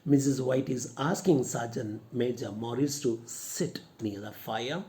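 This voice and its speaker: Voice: mid-range voice, unhurried, few pauses, warm tone. A teacher, explaining a play line by line and defining words. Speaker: English teacher.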